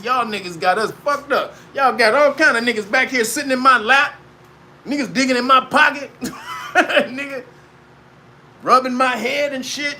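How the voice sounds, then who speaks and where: High-voiced man ranting with laughter. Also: a little hiss or hum. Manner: profane, laughing often, animated. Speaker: commentator. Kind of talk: casual rant monologue.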